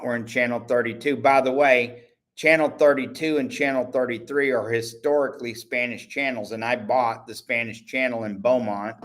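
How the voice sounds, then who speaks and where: A man's voice: medium pitch, a bit bright. A man hosting his own livestream, talking casually and selling his services in a rambling, chatty way, often stopping to correct himself. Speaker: host and network owner.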